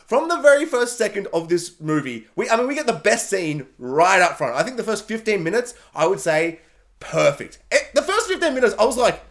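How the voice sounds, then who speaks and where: A man giving a casual spoiler film review, animated and sarcastic, with joking asides. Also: high voice, brisk.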